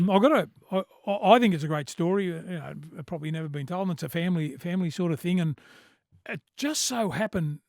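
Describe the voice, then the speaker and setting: A middle-aged Australian man spins blokey yarns, full of fillers and asides. His voice sits a touch high, and the studio sound is close and dry. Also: fast, creaky, no room sound. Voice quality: blokey, animated storyteller with lots of filler. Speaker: podcast guest. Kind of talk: casual storytelling chat.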